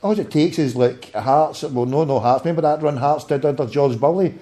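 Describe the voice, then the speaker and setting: A Scottish man running a football phone-in, swearing constantly and ranting between questions. His voice is dark and mellow and sits slightly high for a man. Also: fairly quick, slight background noise. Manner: sweary, ranting, jokey with callers. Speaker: radio phone-in host. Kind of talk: casual sports phone-in.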